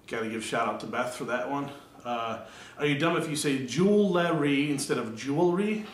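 A man's voice: medium pitch, reverberant, slight background noise. Man asking dry rhetorical questions. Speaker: vlogger. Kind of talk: casual monologue to camera.

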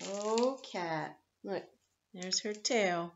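A woman reading a picture book aloud to children at story time, in a gentle, playful storyteller's manner. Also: a little high, animated, slow pace, slight background noise. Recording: echoey, slightly dull room.

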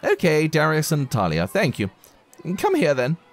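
A man's voice: fairly high pitch, wildly swooping pitch, moderate pace, a little hiss or hum, voice pushed up. A man voicing a fussy, wittering female PE teacher in a storybook reading. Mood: brisk. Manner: wittering, bossy. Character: high-pitched fussy woman PE teacher.

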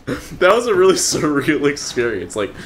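A man's voice: on the high side, very animated, normal speed, a little hiss or hum. A man hosting a let's play, chatting casually as he plays, laughing often and swearing now and then. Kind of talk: casual gameplay commentary.

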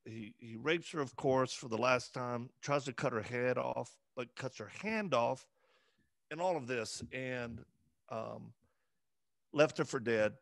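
Man guest, gravelly voice, earnest halting delivery, dry close mic. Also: medium pitch, a bit bright, no echo. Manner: earnest, halting, many fillers and restarts. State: emotional, voice breaking at times. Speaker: interview guest. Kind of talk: conversational interview.

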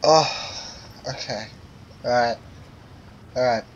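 A man's voice: medium pitch, takes it slowly. A man giving gameplay commentary, exclaiming and pleading with the game in exasperation. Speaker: gamer. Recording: dull lo-fi mic with loud noise and clicks.

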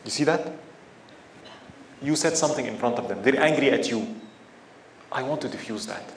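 A man giving a religious lecture in an animated way, often asking his listeners rhetorical questions. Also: mid-range voice, moderate pace, slight background noise. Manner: animated, asks the audience frequent rhetorical questions. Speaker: Islamic teacher. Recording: echoey room with faint ambience.

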